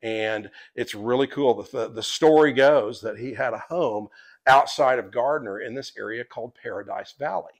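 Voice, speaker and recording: A chatty tour guide with a gravelly, creaky voice at an ordinary middle pitch. He wanders through his stories in an easy, unscripted way and laughs often along the way. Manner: rambling, chatty, quick to laugh. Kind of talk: casual podcast storytelling.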